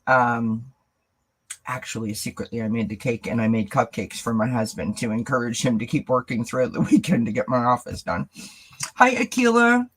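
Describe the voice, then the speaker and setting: A woman's voice: rumbling low, fairly even intonation, fairly quick, breathy edge, low-quality recording. A woman hosting a tarot channel, chatting casually on a live stream, greeting viewers by name and laughing often. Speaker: tarot reader and channel host.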